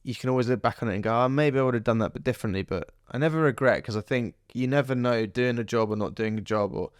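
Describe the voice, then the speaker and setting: A man's voice: medium pitch, fast, clean tone, no echo, studio quality. A man, an actor chatting as a podcast guest, telling rambling stories. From southern England. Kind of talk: casual interview chat.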